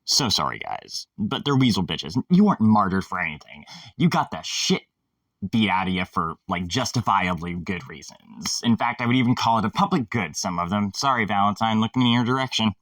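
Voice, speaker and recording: Sarcastic guy ranting casually, swears a lot, pitch bounces around, mic kinda far away, dry sound. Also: big pitch swings, fairly quick, fairly bright tone, no room sound. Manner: rambling, sarcastic, irreverent, swears. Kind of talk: casual monologue.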